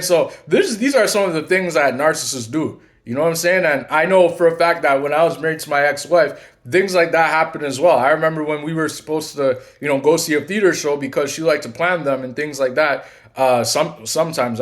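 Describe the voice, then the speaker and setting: Rambling man talking to camera. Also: on the high side. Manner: rambling, full of "you know" and restarts; acts out quoted lines in his telling. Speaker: channel host and coach. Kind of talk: casual monologue.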